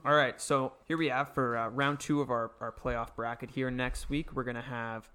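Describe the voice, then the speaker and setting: A man's voice: medium pitch, flat delivery, normal speed, sharp tone, clean tone. A man hosting a casual podcast, who keeps the discussion on track. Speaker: podcast host.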